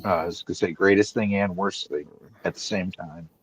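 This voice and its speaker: A man's voice: low voice, steady tone, fairly quick, a crowd in the background. A man in a casual group chat, making wry, laughing remarks.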